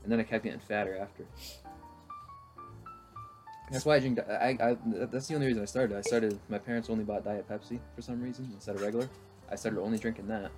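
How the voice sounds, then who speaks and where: A man's voice: fairly low pitch, steady tone, fast talker, music in the background. A young man co-hosting a podcast, talking casually with friends, rambling and swearing freely. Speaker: podcast co-host. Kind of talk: casual chat.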